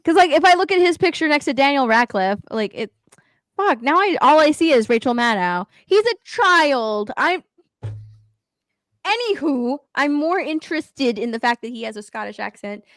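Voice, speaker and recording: A woman co-hosting a casual pop culture podcast, chatty, with quick reactions and the odd swear. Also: high voice, very animated, a bit bright, no echo, studio quality. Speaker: podcast co-host.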